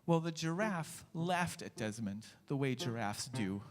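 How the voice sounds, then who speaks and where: A man leading worship, telling a story to a congregation in an expressive, animated way. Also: a little high, normal speed, hardly any pauses. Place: church sanctuary. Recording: echoey church hall, faint music.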